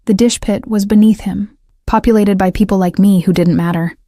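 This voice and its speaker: A woman narrating a first-person romance story in a measured, scripted way. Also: medium pitch, fairly even intonation, dark tone, dry recording, studio quality.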